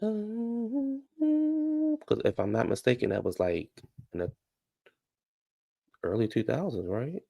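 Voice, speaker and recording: Gravelly-voiced man recapping reality TV. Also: medium pitch, very animated, takes it slowly, long pauses, dark tone. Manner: blunt, chatty, with many restarts and asides. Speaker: reality TV commentator. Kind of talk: casual recap commentary.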